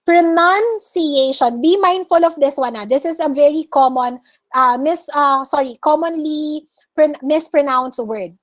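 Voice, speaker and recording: A Filipino woman with a high-sitting voice teaches an online class at normal speed over a video call. She goes word by word through her students' pronunciation, correcting them and repeating each correct form.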